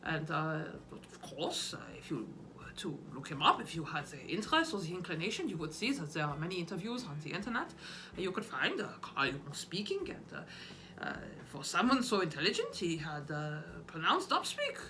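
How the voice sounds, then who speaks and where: A woman impersonating an elderly male psychiatrist who talks slowly, pausing often with uh's. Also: lowish voice, big pitch swings, pushed and bright, a little hiss or hum, voice pushed down. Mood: musing. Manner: slow, hesitant, full of uh's. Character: an old male psychiatrist, ponderous and curious.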